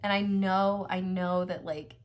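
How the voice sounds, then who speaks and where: Young woman, slightly low voice, casual tarot reader; earnest, reassuring, rambling, stuffy nose, near tears. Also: steady tone, a little slow. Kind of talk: casual pick-a-card tarot reading.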